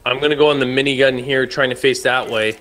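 A man giving casual co-op game commentary, excitable and prone to yelps and shouts. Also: medium pitch, fast, slight background noise. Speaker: gamer.

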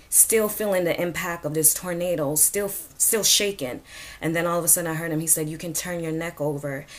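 A woman earnestly recounting a prophetic dream in emotional, repetitive phrases. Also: deep voice. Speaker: prophetic testimony speaker.

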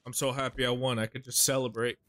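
A male streamer giving casual gaming commentary, brash, excitable and full of swearing. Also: medium pitch, fast talker. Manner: brash, excitable and heavily profane.

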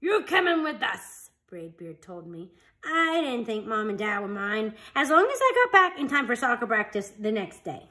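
A woman reads a picture book aloud in an animated storytime voice. Her pitch sits high and rises and falls widely, so every line sounds expressive. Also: moderate pace.

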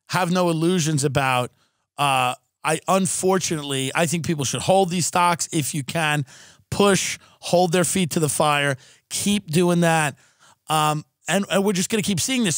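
A man's voice: on the high side, fairly bright tone, no echo, studio quality. A man hosting a podcast, delivering a sarcastic, profane comedic rant. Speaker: podcast host.

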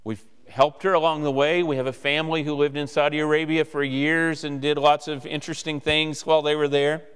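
Male preacher, storyteller type; resonant, slightly high voice; reverberant church sound. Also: smooth. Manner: animated storyteller acting out dialogue. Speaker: guest preacher. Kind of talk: sermon storytelling. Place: church sanctuary.

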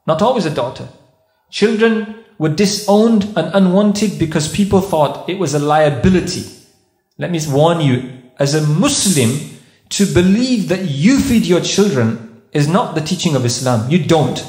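A man's voice: a little high, animated, unhurried, darkish tone. A man giving a sermon in a mosque, explaining Arabic terms and repeating key points for emphasis. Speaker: mosque speaker. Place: mosque hall. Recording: echoey mosque hall.

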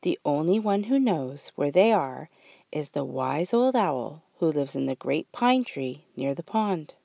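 A woman voicing a gentle, knowing grandmother who speaks softly in a lower, hushed voice. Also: lively intonation, measured pace, creaky, dry recording, clean studio sound, heavily acted.

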